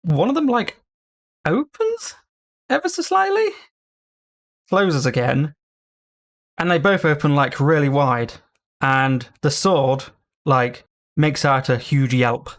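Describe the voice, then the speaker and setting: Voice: mid-range voice, big pitch swings, slow pace, pauses often. A game master narrating a tabletop game with loose, laughing delivery.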